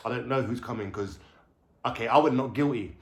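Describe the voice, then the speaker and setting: A man's voice: medium pitch, brisk, a little mellow. A man telling stories casually to camera at home, rambling and slangy, swearing freely. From London. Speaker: vlogger. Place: at home, indoors, with a dog. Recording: echoey room.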